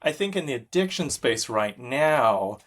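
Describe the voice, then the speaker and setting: Podcast guest: middle-aged man, mild British accent, reflective, halting delivery. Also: medium pitch, lively intonation. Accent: flattened British with a slight Boston tinge. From Britain. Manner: thoughtful, with frequent restarts and fillers. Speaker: clinical psychologist guest. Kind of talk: podcast interview.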